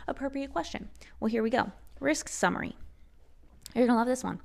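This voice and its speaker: A woman's voice: on the high side, moderate pace, creaky, long pauses, a little mellow. A woman hosting a solo podcast, talking heatedly and sarcastically and swearing freely. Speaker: podcast host.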